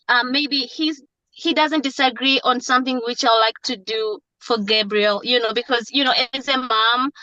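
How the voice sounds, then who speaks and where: High, pleading woman on a phone call. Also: pushed and bright, dry recording. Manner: pleading, halting with repeated words. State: emotional. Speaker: mother testifying in court. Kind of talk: court testimony. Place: parked car. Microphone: phone on a video call.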